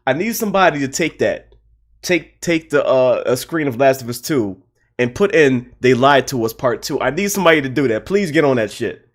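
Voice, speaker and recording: A man hosting a livestream in a loose, heated rant. He repeats himself for emphasis and swears freely. His pitch leaps high when he gets worked up. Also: expressive, normal speed. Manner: repetitive, heated, swearing, laughing. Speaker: livestream host.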